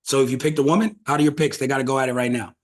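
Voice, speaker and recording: A man hosts a casual podcast chat with a middling, everyday pitch. He talks loosely and swears freely. He builds his ideas out loud as he goes. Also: fairly even intonation, racing. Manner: loose, profane, brainstorming out loud. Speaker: podcast host.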